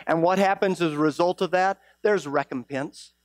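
A male pastor preaching a sermon, animated and teasing, full of rhetorical questions. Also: fairly high pitch, moderate pace, dry recording, studio quality.

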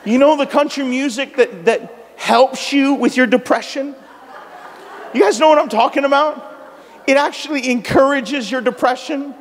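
A male pastor preaches in a high voice that rises to near shouts and drops to quiet asides. His delivery is conversational and animated, like talking straight to the congregation. The sound carries a long church reverb. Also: normal speed, slight background noise. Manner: animated and conversational, swings between loud and soft. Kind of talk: sermon. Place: church sanctuary.

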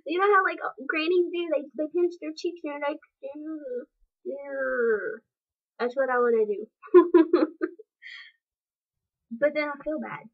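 A woman's voice: sits high, normal speed, pauses often. A young woman chatting casually as she reacts to a music video, gushing and giggly, breaking into squeals now and then. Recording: dull lo-fi webcam sound.

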